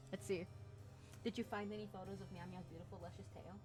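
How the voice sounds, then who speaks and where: A woman in her twenties chatting casually on a live stream, reading chat aloud, giggling often and getting excited. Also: medium pitch. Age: 20s.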